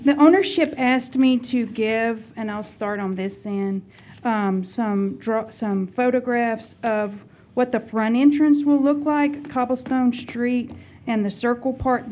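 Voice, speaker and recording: A woman representing a developer, giving a polite, measured presentation to a zoning board. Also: a little high, fairly even intonation, warm tone. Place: public meeting room.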